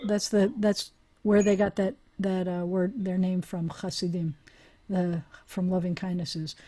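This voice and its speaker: A woman's voice: on the low side, level tone, unhurried, dark tone. A woman rabbi teaching a Hebrew class over a video call, chatty and encouraging, often laughing with her students.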